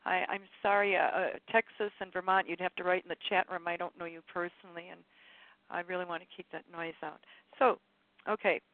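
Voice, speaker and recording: A woman's voice: on the low side, flat delivery, brisk, no room sound, phone-quality sound. A woman leading a spiritual teaching session over a group call, talking in a meandering, chatty way and often correcting herself. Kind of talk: live spiritual teaching talk to callers.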